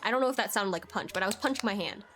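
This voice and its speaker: A woman's voice: medium pitch, animated, racing, a bit bright. Young woman streamer, giggly and playful, chatting into her desk mic. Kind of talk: live-stream chat while gaming.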